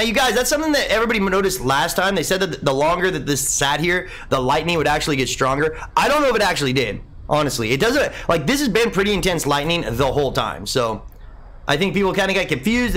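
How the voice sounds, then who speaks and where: A man's voice: a little high, expressive, quick pace, a bit bright. A young man hosting a live game stream, casually rambling as he reads and answers viewer comments. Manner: laid-back, rambling, says "man" a lot. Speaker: livestream host.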